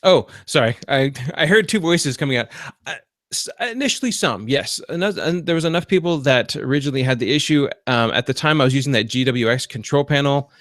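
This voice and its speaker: A man's voice: mid-range voice, animated, a little fast, a bit bright, dry recording, studio quality. Man rambling in a casual podcast chat. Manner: rambling, many restarts and fillers. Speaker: podcast host; computer repair business owner.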